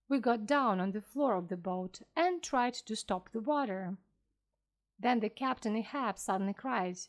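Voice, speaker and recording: Brief: woman narrator, slow graded-reader storytelling, bright lilting voice. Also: fairly high pitch. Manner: clear, careful reading aloud.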